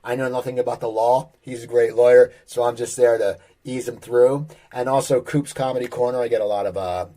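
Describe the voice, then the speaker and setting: Mellow male podcast host signing off. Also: medium pitch, fairly even intonation, brisk, hardly any pauses. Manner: upbeat, plugging links with a catchphrase sign-off. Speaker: talk show host. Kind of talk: podcast sign-off and promotion.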